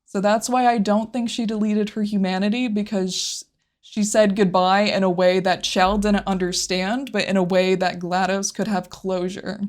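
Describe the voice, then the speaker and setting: Woman chatting on a podcast, thoughtful n a bit emotional, laughs a lot, middle pitch. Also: level tone, normal speed, a little mellow. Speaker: podcast co-host. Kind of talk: casual chat about a video game.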